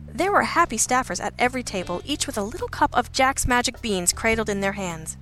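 Woman, audiobook narrator, first-person reading, wry, sardonic, bright voice, faint background music. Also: a little high, animated, a little fast, few pauses.

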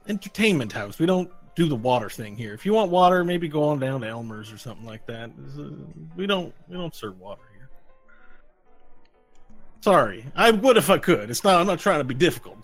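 A man voicing an overeager male tavern proprietor with a Texan accent, stammering and loud as he pushes drinks on his guests. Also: on the high side. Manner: loud, stammering, pushy hospitality.

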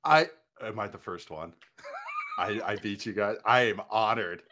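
A man appearing as a guest analyst on a sports podcast, chatting casually, quick and joking with frequent laughter. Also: fairly low pitch, bright, forceful tone.

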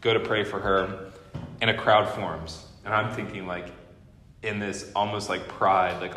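A young man giving a guest teaching at a training school, telling stories in an animated way and acting out what people said. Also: on the low side, measured pace. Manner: animated storyteller acting out quotes. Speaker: guest lecturer. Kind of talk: storytelling sermon. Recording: echoey hall with long reverb.

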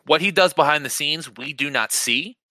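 A man talking sports on a podcast in an excited, animated voice that is very bright and forceful. He often stumbles over his first words and repeats them before pushing on. The sound is close and dry, with no room around it. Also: fairly high pitch, normal speed, no room sound. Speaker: podcast co-host. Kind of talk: casual sports chat.

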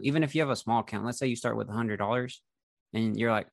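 A man's voice: mid-range voice, fairly even intonation, quick pace, creaky, a bit bright, dry recording, clean studio sound. A man who runs an investing channel, talking in an easygoing, chatty way with many filler words during a casual conversation. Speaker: investing YouTuber. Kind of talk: casual conversation between creators.

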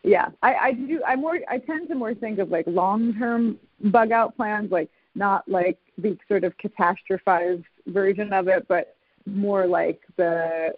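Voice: medium pitch, no room sound. Host chatting over a call, lots of ums and restarts, tinny phone sound, dry. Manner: halting, many fillers and restarts. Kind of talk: casual conversation over a call.

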